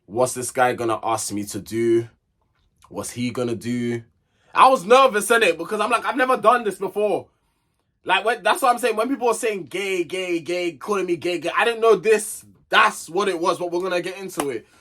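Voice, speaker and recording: A man's voice: high-pitched, normal speed, bright, forceful tone. A young man telling a personal story in a chatty, digressive, slang-filled way. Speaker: vlogger. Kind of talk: casual storytime chat.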